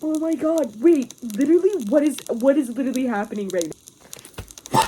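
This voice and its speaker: A young woman reviewing a novel in a vlog, gushing and exclamatory, swinging between shrieks and hushed murmurs. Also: sits high, animated, moderate pace, a little hiss or hum. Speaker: book vlogger. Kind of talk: excited reading vlog.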